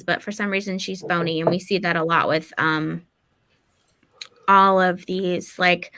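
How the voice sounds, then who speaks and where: Woman podcast host, casual folklore storyteller, bright chatty voice. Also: lowish voice. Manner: loose, chatty, with many fillers and swearing.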